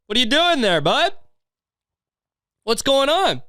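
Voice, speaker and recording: A man's voice: extremely high pitch, big pitch swings, slow, pushed and bright, no room sound, clean studio sound, pitched above the performer's own voice, heavily acted. A man putting on a voice to play a nosy, jeering man who needles someone with mocking questions.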